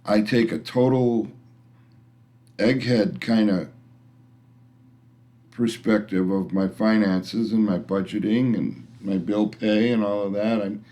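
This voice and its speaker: A middle-aged man grumbles at an unhurried, drawn-out pace, blunt and cranky as he rambles through his complaints. His voice sits mellow and dark, and he often restarts his sentences mid-thought. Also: lowish voice, steady tone. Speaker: vlogger. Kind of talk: casual rant to camera.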